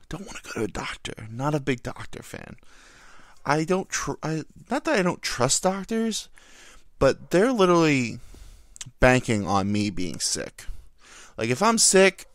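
Man, young adult, podcast host, rambling, self-deprecating, lively pitch, dry close sound. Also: no room sound. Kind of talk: casual solo chat.

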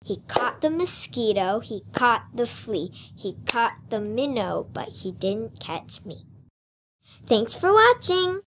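A young woman hosting a children's show, reciting a nursery rhyme in a bright, upbeat way. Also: on the high side, expressive, slow pace, few pauses, slightly rough.

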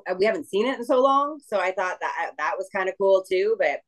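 A middle-aged woman being interviewed about returning to wrestling, talking emotionally with frequent restarts and pauses. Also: medium pitch, expressive, poor audio. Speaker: guest wrestler. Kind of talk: casual interview chat.

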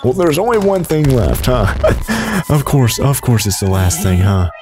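A man giving excitable gameplay commentary, reacting loudly and laughing often. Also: medium pitch, moderate pace. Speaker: let's play gamer. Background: game music.

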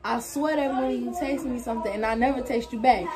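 A woman's voice: on the high side, fairly even intonation, fast talker. A young woman, a guest telling her side of the story bluntly, swearing and addressing viewers directly. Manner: blunt, swears freely, talks straight to viewers. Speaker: guest friend. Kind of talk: casual storytelling chat.

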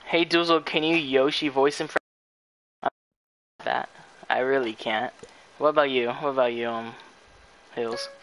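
A young man on a late-night game stream who talks slowly and drawls his words. He sounds worn out and exasperated, often begging his chat to stop. A faint hiss of noise sits under his voice. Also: medium pitch, fairly even intonation, fairly bright tone, low-quality recording. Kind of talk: casual gaming stream chat.

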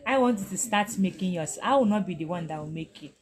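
A woman's voice: fairly low pitch, lively intonation, fast talker, a little mellow. A middle-aged woman teaching on a live stream. She talks emphatically, repeats herself and laughs often. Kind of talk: live-stream motivational talk.

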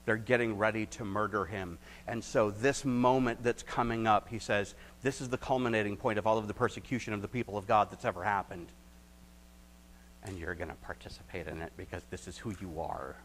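Male pastor, low voice, earnest sermon delivery with a faint background hum. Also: fairly even intonation, fairly quick, rough recording. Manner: earnest preaching with rising emphasis and quiet reflective stretches.

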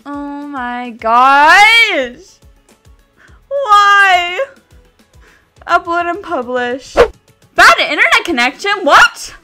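A woman giving casual commentary while playing a video game, excitable and chatty, bursting into squeals and screams. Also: very high voice, very slow, long pauses, soft background music. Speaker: gaming YouTuber.

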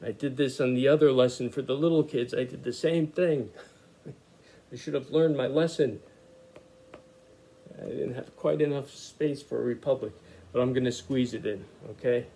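A man's voice: mid-range voice, moderate pace. A man teaching an art lesson to children, talking through his lettering as he works and sounding out words for young readers in an easygoing, thinking-aloud way. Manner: relaxed, thinks aloud with frequent "uh" and "okay".

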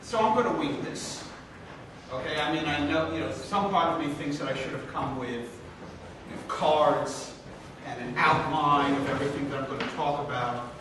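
A man teaching a master class, telling a long joke in an animated, joking way. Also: a little high, moderate pace, noisy background. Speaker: guest instructor. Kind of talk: storytelling and lecture. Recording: echoey room, distant mic.

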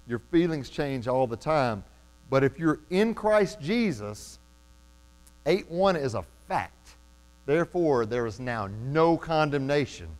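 Male preacher, mid-pitched, casual and emphatic, prompts amens, drops frequent ums. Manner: calls out for amens from the congregation. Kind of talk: sermon.

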